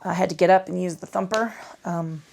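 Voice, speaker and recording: A woman guides a relaxed yoga class into a microphone, her voice low and gravelly. She talks loosely and swears freely, drifting into asides. She sounds tired from a short night. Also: brisk, a little hiss or hum. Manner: chatty, profane, rambling asides. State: tired from little sleep. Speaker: yoga instructor.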